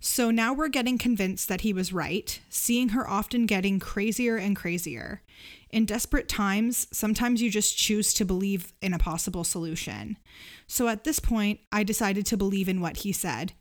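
A woman co-hosting a podcast, reading a listener's story aloud with casual, giggly asides. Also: medium pitch. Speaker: podcast co-host.

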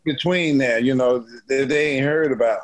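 A man's voice: medium pitch, normal speed. A man chatting as a podcast guest, plainspoken, laughing and repeating his words. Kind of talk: casual chat.

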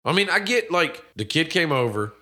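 Man, co-host on a casual movie podcast, bright edge to the voice, heavy swearing, animated. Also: a little high, normal speed. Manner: animated, swears constantly, acts out quoted characters. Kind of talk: casual profane chat.

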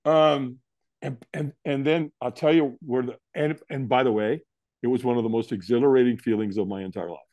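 A man's voice: a little fast, no room sound. A middle-aged man, a guest in an interview, telling a story and acting out what people said to him. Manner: animated, acts out quotes with big pitch jumps.

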